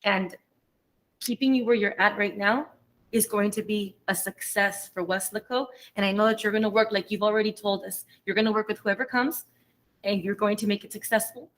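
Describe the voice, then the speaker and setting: A woman addresses a colleague at a school board meeting. Her voice sits at a middle pitch for a woman, and she speaks sincerely, close to tears. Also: fairly even intonation, a little fast, fairly bright tone. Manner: emotional, sincere. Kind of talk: heartfelt meeting remarks.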